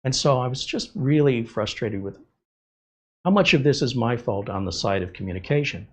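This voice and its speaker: A man's voice: mid-range voice, lively intonation, moderate pace, darkish tone, slightly rough. A middle-aged man hosting a livestream, candidly telling a personal story in casual talk. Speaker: host. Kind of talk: livestream chat.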